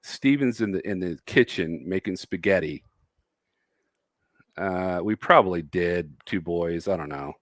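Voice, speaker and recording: A man's voice: low-pitched, measured pace, no echo. A man co-hosting a casual livestream chat, telling a rambling story and laughing often. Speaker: co-host.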